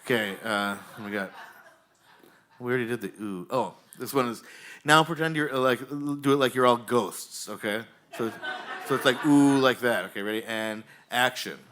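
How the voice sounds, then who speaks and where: A man with a bright, forceful voice hosts a live comedy show from a bar stage, speaking into a handheld mic. His talk rambles and stalls on fillers as he jokes with the crowd and coaxes reactions from them. His pitch sits in an ordinary middle range. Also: steady tone, slight background noise. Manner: rambling, halting, jokey, with many fillers. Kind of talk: live comedy, directing the audience.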